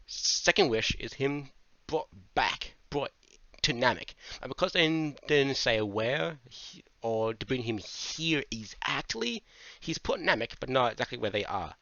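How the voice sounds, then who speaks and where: A man giving a casual manga review, animated, swearing freely and going off on tangents. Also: mid-range voice, measured pace, dry recording. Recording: dull lo-fi dry mic.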